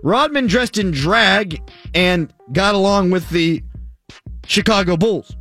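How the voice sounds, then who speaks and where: Jokey Pittsburgh sports radio host. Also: male voice, high voice, slow, fairly bright tone, faint music behind. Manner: jokey, riffing rants. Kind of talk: sports talk radio banter. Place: radio studio. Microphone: studio microphone.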